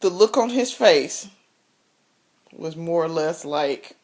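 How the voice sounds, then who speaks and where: A woman's voice: deep voice, expressive, slow, long pauses, darkish tone. Blunt, profane woman vlogger. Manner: profane, blunt, laughs often. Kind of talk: casual storytelling rant.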